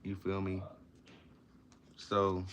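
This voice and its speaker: A man's voice: deep voice, completely flat delivery, extremely slow, a bit bright, lo-fi sound, a little hiss or hum. A man reading passages from a self-help book aloud and explaining them in casual slang, often repeating and restarting himself. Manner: reads passages, then explains them in loose slang asides.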